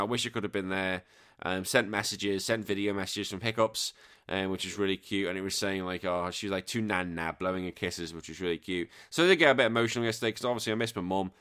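A middle-aged English man hosting a podcast, reading out listener messages in casual chat and bursting into loud sworn exclamations. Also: low voice, fast, clean tone. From England. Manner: animated, swears freely, bursts into loud exclamations. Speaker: podcast host.

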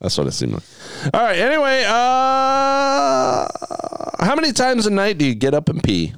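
A man co-hosting a laid-back podcast, his voice swooping up and down as he jokes and fires off quiz questions. The tone is smooth and resonant, recorded close and dry. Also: very high-pitched, wildly swooping pitch, normal speed, fairly bright tone, dry recording. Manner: joking, quizzes the others. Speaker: podcast co-host. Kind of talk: casual banter. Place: outdoors on a driveway.

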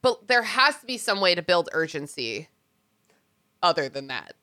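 A woman hosting a podcast in casual chat, animated and swearing freely. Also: lowish voice. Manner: animated, swearing, quick asides. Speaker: podcast host.

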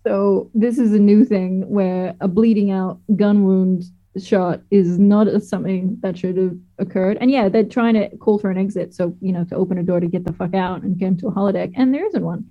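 A woman co-hosting a podcast, chatting casually in an animated way, often swearing and laughing. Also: mid-range voice, a little fast, hardly any pauses, muffled recording. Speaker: podcast co-host. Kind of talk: casual chat.

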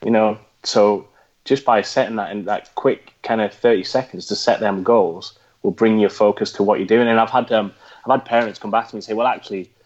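A man with a Geordie accent, a military veteran guest, talking reflectively with many pauses and restarts. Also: on the low side, steady tone, lo-fi sound. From North East England. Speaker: guest, former special forces veteran. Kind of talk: conversational interview.

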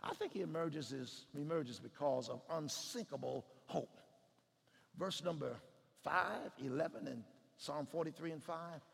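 A man preaching a sermon, swinging from shouted climaxes to hushed, low passages. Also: a little slow, vocal fry, breathy edge, in a large hall.

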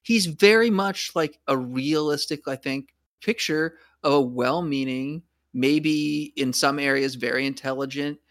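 A man's voice: on the high side, measured pace, hardly any pauses, fairly bright tone, dry recording, clean studio sound. A man in casual chat about a TV series, rambling with many fillers and casual swearing. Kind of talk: casual chat recapping a TV show.

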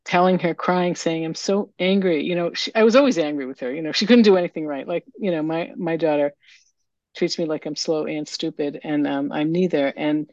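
A woman giving a candid, emotional share at a recovery meeting, halting with fillers, over a video call. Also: low voice, darkish tone, no echo. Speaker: meeting member sharing. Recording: dull lo-fi video call audio.

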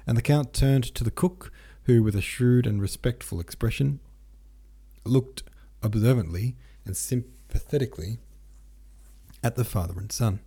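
A man narrating a classic novel in a steady, unhurried reading voice, with occasional small slips. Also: medium pitch, breathy edge. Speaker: audiobook narrator. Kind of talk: scripted narration.

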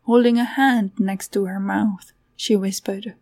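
A woman's voice: medium pitch, steady tone, unhurried, a little mellow. A woman narrating a fantasy story aloud, giving the characters voices of their own. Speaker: audiobook narrator.

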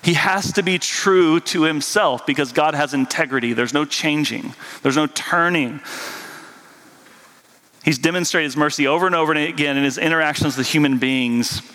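A man's voice: fairly high pitch, normal speed, sharp tone. A man preaching a casual, conversational sermon in a church, chatty and full of "like" and "right?". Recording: long hall reverb.

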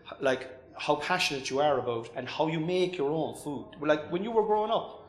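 A man's voice: fairly high pitch, animated, a little fast, roomy sound. An Irish man hosting a podcast, asking questions in a casual, enthusiastic way and swearing freely. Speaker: podcast host. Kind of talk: casual interview.

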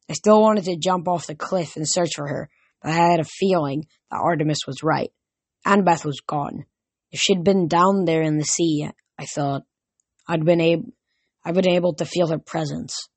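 A man's voice: on the high side, normal speed, darkish tone, dry recording. A young man reading a storybook chapter aloud, plain and a little hesitant, with small restarts. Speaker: reader. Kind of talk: amateur audiobook reading.

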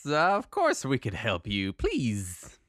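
A man's voice: medium pitch, huge pitch swings, slow, fairly bright tone, dry recording, clean studio sound, exaggerated voice. A man voicing a courteous male temple gatekeeper priest who speaks with formal politeness. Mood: welcoming.

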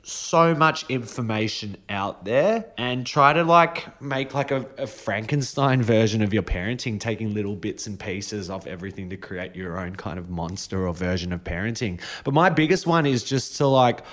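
A man's voice: lowish voice, normal speed, few pauses, fairly bright tone. A man talking as a podcast guest and father in a candid, chatty casual conversation. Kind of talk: casual chat.

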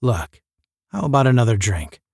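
A man's voice: mid-range voice, big pitch swings, normal speed, creaky, darkish tone, breathy edge, no echo, clean studio sound, exaggerated voice. A man voicing a retired spaceman who talks in a casual, slangy way in an audiobook. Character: retired male spaceman, casual and rough-spoken.

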